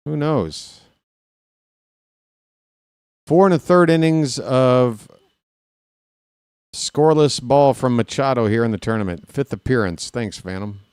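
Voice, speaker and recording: A man's voice: medium pitch, slow, long pauses, a little mellow, clean tone, no echo, clean studio sound. A man calling baseball play-by-play for his stream, with casual, self-deprecating asides to viewers.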